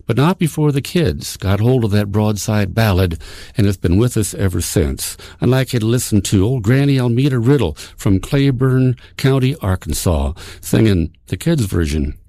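A man's voice: on the low side, lively intonation, normal speed, dark tone, no room sound. Folksy male radio host, dry studio sound. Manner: homespun, rambling, with restarts.

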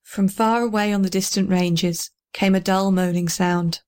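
A woman narrating a children's story in a gentle, even reading voice. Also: medium pitch, a little slow, no echo, clean studio sound. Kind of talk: scripted narration.

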